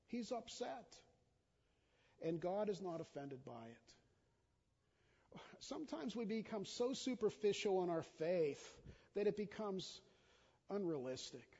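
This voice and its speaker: High-voiced man preaching in a reverberant hall. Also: sing-song, takes it slowly, long pauses, dark tone, breathy edge. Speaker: pastor. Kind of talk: sermon. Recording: dull sound with long hall reverb.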